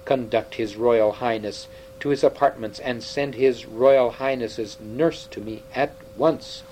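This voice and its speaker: A man's voice: medium pitch, measured pace, a little mellow, slight background noise, lightly acted, poor audio. A man doing a stern, cold king. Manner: stern, thundering, cold commands.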